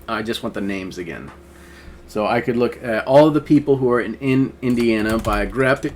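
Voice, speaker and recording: At a computer with keys clacking, a male instructor walks through a screen-recorded coding lesson in a mid-range voice. He speaks casually, thinking out loud and filling gaps with plenty of fillers, over slight background noise.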